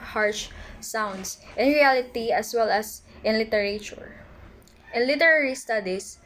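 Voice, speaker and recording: A woman's voice: on the high side, slight background noise, poor audio. A woman reading out a class report on poetic sound devices from notes, with small stumbles. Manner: reads definitions aloud from notes, small stumbles. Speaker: student presenter.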